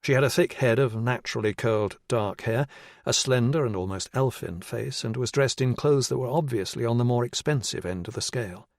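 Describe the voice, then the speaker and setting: A man narrating a crime thriller audiobook in an even, measured way. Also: medium pitch, no room sound, clean studio sound.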